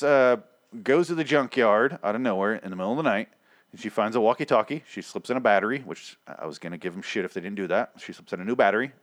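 A man's voice: on the low side, no echo, studio quality. A man giving a casual, profane episode recap, rambling and sarcastic, acting out the scenes as he goes. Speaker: TV show recapper.

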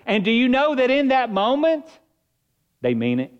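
Pastor, male, high-pitched, preaches in an earnest, chatty way; slightly dull recording. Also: wildly swooping pitch, normal speed, smooth. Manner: earnest, conversational preaching with shifting emphasis. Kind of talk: sermon.

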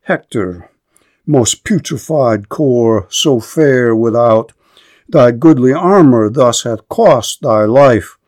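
A man's voice: medium pitch, expressive, takes it slowly, a little mellow. A man reading the part of a proud, courteous Trojan warrior prince in formal verse. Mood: weary.

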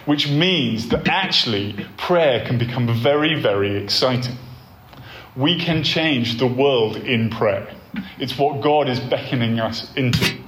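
A man leads a church course, talking earnestly and telling personal stories in a sermon-like way, often pausing on ums and restarting his sentences. His voice sits in a middle register and carries through a roomy hall. A faint hum of noise stays underneath. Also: mid-range voice, a bit bright. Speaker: church leader giving a course talk.

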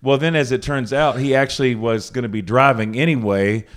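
A man from North Carolina, hosting a casual live podcast talk in a living room at a small house concert. He rambles, interrupts himself and jokes as he goes. His pitch sits at an ordinary middle level for a man. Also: a little fast. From Charlotte, North Carolina. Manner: rambling, self-interrupting, jokey. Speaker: podcast host.

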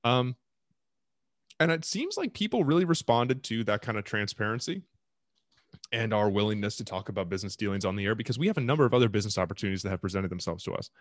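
A man co-hosting a podcast in deadpan comedic chat, reading scam emails aloud with mock-earnest grandeur. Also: on the low side, fast talker, no echo, clean studio sound. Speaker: podcast co-host.

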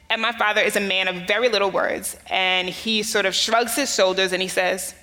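A woman's voice: mid-range voice, fairly even intonation, a little fast, hardly any pauses, sharp tone. A woman pastor from the United States preaching a sermon, telling a personal story with earnest emphasis. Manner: earnest storytelling, rising emphasis on key phrases. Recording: long hall reverb.

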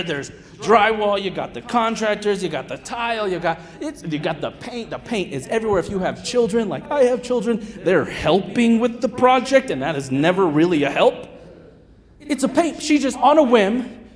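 A man in his thirties preaching in a church, with a voice pitched a little high for a man. He talks to the room in a loose, conversational way, rising to loud calls and dropping to near-whispers. A long reverb of a big hall trails behind every phrase. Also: big pitch swings, normal speed. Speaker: guest pastor. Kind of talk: sermon. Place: church sanctuary.

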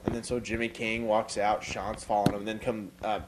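A man co-hosting a casual podcast, recapping a movie scene by scene and acting out lines in high voices. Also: brisk, noisy background. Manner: animated storyteller, acts out quotes in high voices. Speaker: podcast co-host.

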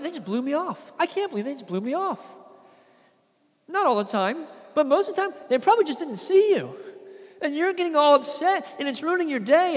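A man preaches in an earnest, conversational way, slipping into short acted-out quotes. His voice sits very high for a man. A long hall reverb trails his words. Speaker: pastor. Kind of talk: sermon.

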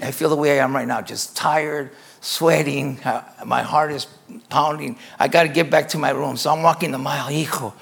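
A pastor tells a story from the pulpit in a somewhat high, gravelly voice. He is animated and acts out each scene as he goes. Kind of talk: sermon storytelling.

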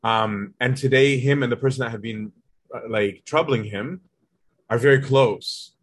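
A man's voice: medium pitch, unhurried, slightly rough. A man, a monk, teaching from a spiritual text in a casual, conversational way, often checking in with his listeners. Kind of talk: casual spoken lesson.

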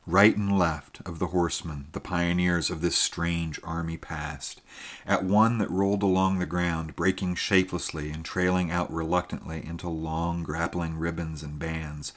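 A man narrating a story in a measured, steady reading. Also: low-pitched. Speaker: audiobook narrator. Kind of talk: scripted narration.

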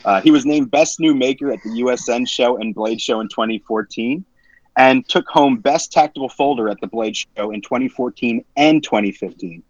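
A man's voice: medium pitch, no echo. Joking New Jersey podcast host, man. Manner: joking, teasing, quick banter. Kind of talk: casual podcast chat. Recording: slightly dull lo-fi sound.

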